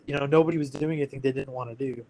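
A man's voice: mid-range voice, fairly even intonation, very fast, vocal fry, warm tone, rough recording. Earnest man in his thirties. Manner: candid and earnest, full of fillers like "like" and "you know". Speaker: guest telling a personal story. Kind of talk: casual conversational storytelling.

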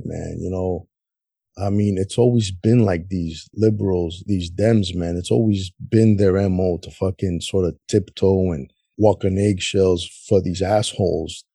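A man talks politics in loose, profane chat, dropping "man" and "you know" everywhere. His voice sits low and mellow with a husky edge. The sound is dry and close. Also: a little slow, dry recording. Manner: blunt, heavy swearing, says "man" often. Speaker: podcast co-host.

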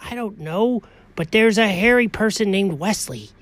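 A performer voicing a laid-back, evasive male family dog who answers quietly and offhandedly, in a one-person comedic audio story. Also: mid-range voice, animated, normal speed, dry recording, clean studio sound, close to an everyday voice.

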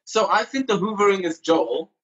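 A man's voice: high voice, lively intonation, moderate pace, fairly bright tone, muffled recording. A man comedian on a video call, rambling and hesitant as he corrects himself mid-thought. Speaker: comedian panelist. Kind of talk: comedy panel show chat over video call.

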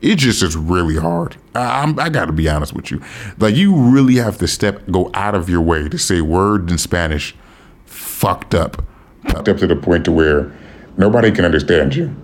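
An American man hosts his own podcast in a loose, candid solo chat, swearing freely as he talks. His voice sits a little low, but his pitch swings widely as he gets going. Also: lively intonation, moderate pace. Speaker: podcast host. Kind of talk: casual solo podcast talk.

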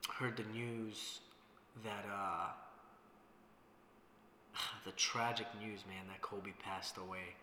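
Bright-voiced man rambling in an echoey room. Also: lowish voice. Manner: rambling, reflective, swears freely, many fillers. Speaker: podcast host. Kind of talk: casual solo podcast monologue. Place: room in Las Vegas. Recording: roomy reverberant room with faint background hiss.

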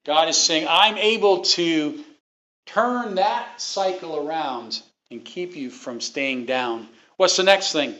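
Preacher guy with a highish voice, punchy and repetitive, quizzing the congregation, muffled lo-fi recording. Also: takes it slowly, pushed and bright. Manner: emphatic, repeats phrases, asks the congregation questions. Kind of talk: sermon. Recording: dull lo-fi recording.

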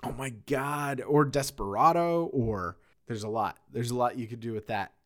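In relaxed podcast conversation, this co-host is lively and laughs easily, speaking in a mid-range voice.

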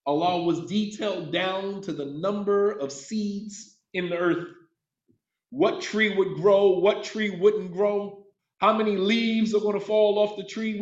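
A man's voice: high voice, far from the mic. A man giving an Islamic lecture to a live audience, passionate and emphatic, reciting Arabic verses and translating them. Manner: passionate, emphatic, call-and-response asides. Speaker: religious teacher. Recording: echoey, slightly dull room recording.

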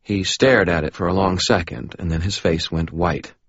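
A man's voice: deep voice, steady tone, moderate pace, a bit bright, breathy edge, no echo. A man reading a first-person audiobook in a dry, matter-of-fact way. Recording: dull lo-fi recording.

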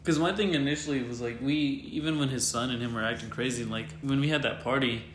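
Man, fast casual storytelling, animated quotes, roomy echo, faint background noise. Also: medium pitch. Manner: animated retelling, swears freely, quotes others in voices.

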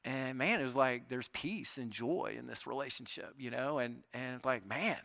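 A pastor giving a conversational sermon, often asking the congregation rhetorical questions. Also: male voice, mid-range voice, normal speed, gravelly, a bit bright, no echo, clean studio sound.

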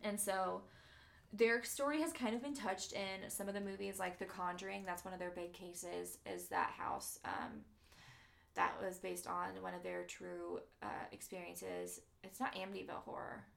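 A woman's voice: fairly low pitch, steady tone, normal speed, vocal fry, fairly bright tone. A woman podcast host casually retelling a true story in a studio, chatty with many fillers.

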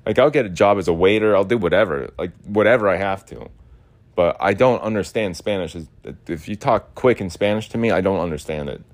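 A man's voice: deep voice, a little fast. A young man from the United States talking in a loose, rambling monologue, full of filler words and casual swearing. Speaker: podcast host.

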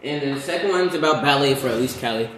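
A young man talks quickly and casually from across the room, a little unsure of himself. His voice sounds distant in a very echoey kitchen with noise around him. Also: mid-range voice. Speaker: host's older son.

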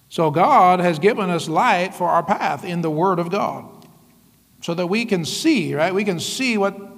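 A man preaching a sermon as pastor, lively, often laughing and calling out to the congregation. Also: sits high, vocal fry, big-room sound. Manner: lively, laughing often, calls out "come on" and "right?".

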